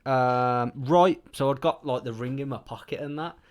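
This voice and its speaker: A man with a British accent hosting a podcast, telling a rambling, animated story and swearing constantly. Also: medium pitch, normal speed. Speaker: podcast host. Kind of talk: casual storytelling chat.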